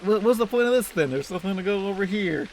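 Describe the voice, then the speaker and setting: Young man, let's play host, crude sarcastic swearing, a bit high-pitched, faint rain behind. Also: animated, fast talker, a little mellow, slight background noise. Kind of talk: profane gameplay commentary.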